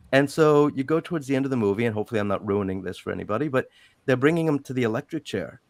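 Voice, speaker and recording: A man's voice: mid-range voice, racing, no echo. Man telling a story on a call. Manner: rambling, animated retelling with acted quotes. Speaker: guest on a live panel. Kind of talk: casual storytelling on a group call.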